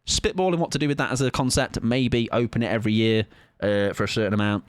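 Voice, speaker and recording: A man's voice: medium pitch, fast talker, smooth, no room sound. A young man closing out his stream in casual chat, rambling and self-mocking, rattling off goodnights and plans in a sing-song way.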